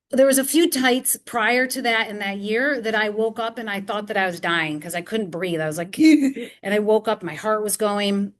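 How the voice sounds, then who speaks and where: A woman speaks to an audience in a library, telling her own story. She acts out the quoted voices as she goes, and her pitch sits in a middle range. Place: public library talk before a live audience.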